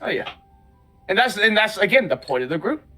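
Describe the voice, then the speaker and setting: A man chatting on a live stream, explaining things at length in quick bursts. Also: high-pitched, sing-song, pushed and bright, soft background music. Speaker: guest streamer. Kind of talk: casual live-stream chat.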